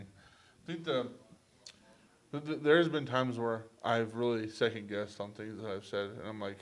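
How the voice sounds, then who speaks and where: A man's voice: on the low side, fairly even intonation, unhurried. A man with a Texan accent hosting a podcast in loose, profane, rambling chat. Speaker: podcast host. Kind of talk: casual chat.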